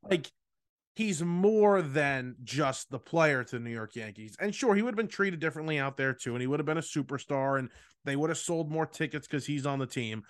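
A man co-hosting a podcast, speaking in a measured, agreeable way in casual sports talk. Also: fairly high pitch, lively intonation, clean tone, no room sound, clean studio sound. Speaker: podcast co-host.

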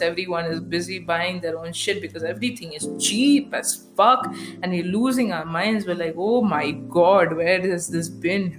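A young woman with an Indian accent, hosting a podcast and telling a story casually, swearing a lot and mixing in Hindi. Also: on the low side. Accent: Indian English. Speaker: podcast host.

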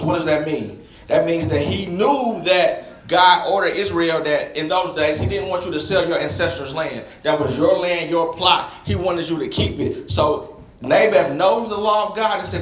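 A man preaching a sermon in an animated, folksy way, speaking straight to his congregation. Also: fairly high pitch, normal speed, roomy sound, rough recording. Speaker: pastor.

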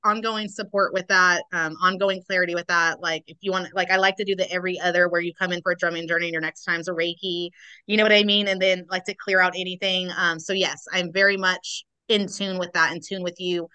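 A woman's voice: fairly low pitch, flat delivery, fairly quick, bright, forceful tone, clean tone. A woman speaking as a podcast guest, a Reiki practitioner describing her work in an earnest, affirming way. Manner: earnest, affirming, spiritual wording. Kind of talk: casual conversation.

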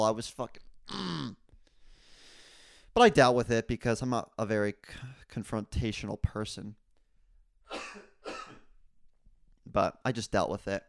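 A young man hosting a casual solo podcast, telling rambling stories full of crude jokes and swearing, and getting louder and higher when he is worked up. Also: measured pace, creaky, long pauses, dry recording, clean studio sound. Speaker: podcast host.

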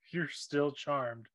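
A man narrating as game master in a tabletop game, in a relaxed, halting way. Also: fairly high pitch.

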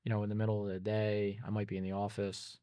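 A man's voice: on the low side, completely flat delivery, fast talker, warm tone, clear, resonant tone. A man talking as a guest in a casual interview, thoughtful and a little hesitant as he speaks. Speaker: business owner guest.

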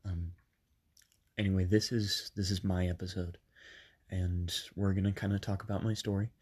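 A man in his twenties hosting a podcast from a bedroom padded with soft things. He is slightly sick and tells his story casually, with many ums and self-corrections. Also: low-pitched, little pitch movement, normal speed, breathy edge. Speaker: podcast host.

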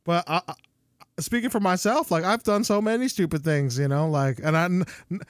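A man co-hosting a podcast in casual chat, animated and laughing often, restarting his sentences. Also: high voice, a little fast, dry recording, clean studio sound. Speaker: podcast co-host.

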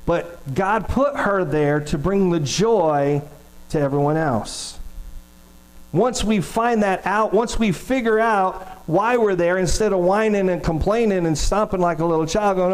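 A middle-aged male pastor preaches in an easy, storytelling manner, his voice sitting a little higher than most men's. He keeps turning to the congregation with questions. A low electrical hum runs under his voice throughout. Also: measured pace, poor audio. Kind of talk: sermon.

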